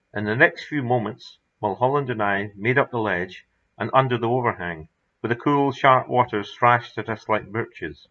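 A man reading his own horror story aloud in a measured, dramatic narration. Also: mid-range voice. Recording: dull lo-fi recording.

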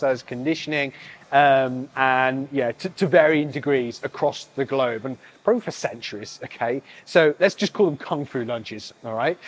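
A British fitness coach with a voice on the high side demonstrates leg exercises, talking casually with lots of fillers and repeated coaching cues while sounding a little out of breath.

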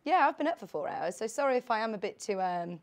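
A woman in her late twenties presenting a live sewing shopping show from a studio, chatty, bubbly and excitable. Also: mid-range voice, quick pace. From United Kingdom. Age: late 20s.

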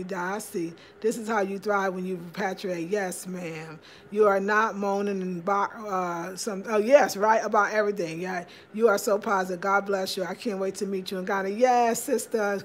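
Woman hosting a relaxed home livestream, chatty and upbeat, reading out viewer comments. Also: mid-range voice. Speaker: livestream host.

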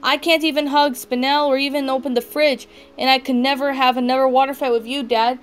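A woman's voice: sits high, level tone, brisk, smooth, voice pushed up, lightly acted. A woman doing a panicked young boy. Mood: despairing. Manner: panicked, pleading, wailing. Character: frightened young boy turning into cats. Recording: music playing underneath.

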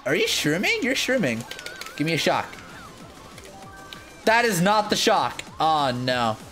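A man giving live gameplay commentary, excitable and self-mocking, going from muttering to shouting. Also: sits high. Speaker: gaming video creator.

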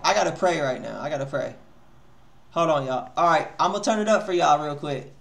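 A man hosting a live music review stream in casual chat. He talks in loose slang with a slight stutter, swinging from low mumbled asides to loud exclamations. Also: fairly quick, gravelly, slight background noise. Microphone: headphones on while streaming.

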